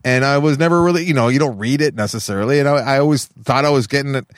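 A man co-hosts a podcast, chatting casually in a rambling, self-deprecating way and swearing freely. He talks fast in a mid-range voice, with clean studio sound and no room sound.

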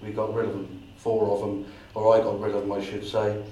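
A man, a paranormal investigator, telling an animated story at a society meeting and acting out his own dialogue. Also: fairly low pitch, fairly quick, slight background noise. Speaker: paranormal investigator giving a talk. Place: meeting room. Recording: echoey room from far off.

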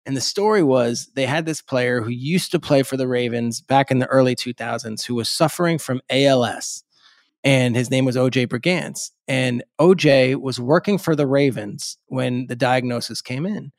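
A man, a sports reporter, telling stories as a podcast guest, animated and eager, often restarting his sentences. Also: medium pitch, normal speed, no echo, studio quality. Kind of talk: casual storytelling interview.

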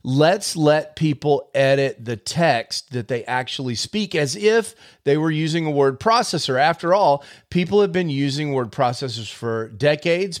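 A man hosting a podcast, explaining editing software in a casual, conversational monologue with wry asides. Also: on the high side. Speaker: podcast host.

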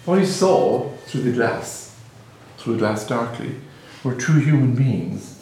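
A man's voice: mid-range voice, lively intonation, slow pace, slight background noise. Musing Irish man in an echoey hall. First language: Irish Gaelic. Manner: musing, storytelling, gently humorous. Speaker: speaker on spiritual teaching. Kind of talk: reflective spiritual talk. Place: hall with a live audience. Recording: very echoey hall, mic far off.

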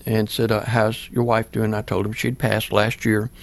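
A man's voice: lowish voice, monotone, normal speed, vocal fry. An older man, a pastor, earnestly telling a personal story in plain words during an interview. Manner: plain-spoken, earnest, acts out remembered dialogue.

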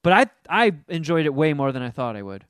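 Talking fast in a slightly high, smooth voice, a man chats about a movie on his podcast, cursing freely and lively as he mimics characters in mocking tones. The studio-quality audio has no echo.

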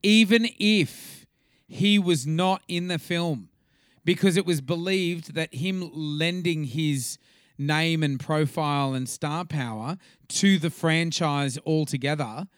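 An Australian man co-hosts a podcast, chatting casually, swearing freely and laughing often. His fairly high voice is clear and resonant, unhurried, with clean studio sound and no room echo.

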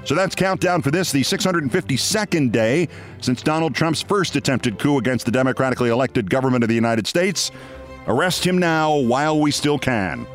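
A middle-aged man hosting a podcast, telling a story with wry, dramatic flair and signing off the show. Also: fairly high pitch. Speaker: podcast host. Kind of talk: monologue storytelling and sign-off. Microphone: studio mic.

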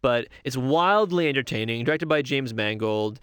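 A man's voice: mid-range voice, lively intonation, normal speed, a bit bright, smooth, dry recording, studio quality. A young man chatting casually and enthusiastically on his own, rambling and correcting himself as he goes. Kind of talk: casual solo talk about favorite movies.

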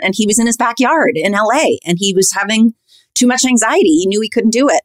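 A woman's voice: medium pitch, fast, no echo. A woman co-hosting a casual interview podcast, responsive and laughing along. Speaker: podcast co-host.

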